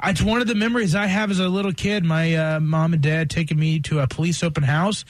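A man co-hosting a morning radio show, telling relaxed stories with fillers. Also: fairly high pitch, quick pace, no echo. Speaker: radio co-host. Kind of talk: casual morning radio chat.

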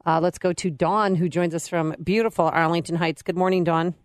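A woman's voice: lowish voice, steady tone, a little fast, dry recording, studio quality. A woman hosting a talk radio show, telling a story and chatting with her co-host and callers. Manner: chatty storyteller, reads phone numbers.

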